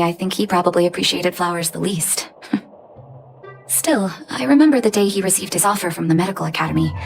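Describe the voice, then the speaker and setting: An actress voicing a gentle young woman in a game cutscene, speaking softly and reflectively with sighs. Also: lowish voice, lightly acted. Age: young adult. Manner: soft, reflective, sighing. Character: gentle grown-up orphan woman, heartfelt. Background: game music.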